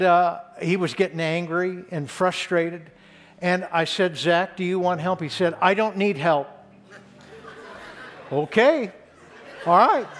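Older male pastor, high-pitched, slow and deliberate; earnest sermon delivery with fervent build-ups. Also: a bit bright. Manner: earnest, builds to fervent emphasis, slows for key points.

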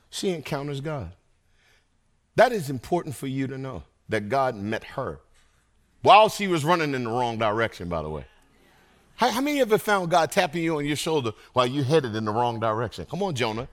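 A middle-aged man preaching a sermon to a congregation, animated and energetic, calling out to the crowd between points. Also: mid-range voice, a little fast. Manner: animated preaching with call-and-response asides. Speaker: pastor.

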